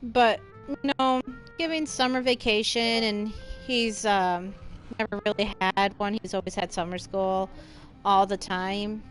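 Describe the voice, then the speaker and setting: A woman's voice: mid-range voice, fairly even intonation, measured pace. A woman streaming a game live, chatting casually with viewers in a rambling, reactive way. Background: faint game music.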